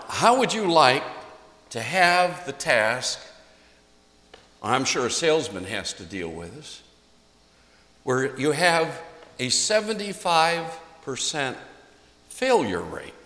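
A man's voice: mid-range voice, pushed and bright. A man preaching a sermon as a pastor, emphatic and repeating key phrases for stress. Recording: echoey hall, long reverb.

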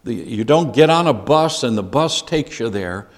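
A man's voice: mid-range voice, animated, normal speed. A man leading a Bible study lesson, earnest and given to repeating key phrases for emphasis. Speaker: Bible teacher. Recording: long reverb of a large hall.

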